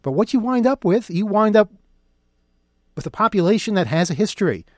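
A man's voice: high voice, lively intonation, brisk, dry recording, clean studio sound. A man delivering an opinion monologue in a sarcastic, mocking tone. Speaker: commentator.

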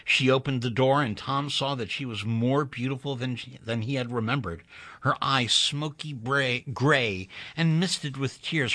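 A man narrating a story in an expressive, wry, measured reading. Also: mid-range voice, no echo.

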